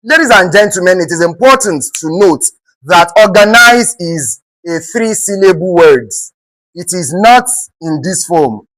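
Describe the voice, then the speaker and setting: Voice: medium pitch, expressive, a bit bright, dry recording, rough recording. A teacher with a Nigerian accent giving an exam-prep English lesson, often asking "what?" and answering the question, and spelling words out letter by letter. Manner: keeps asking the class "what?" and then answering it; spells words out letter by letter and repeats them slowly.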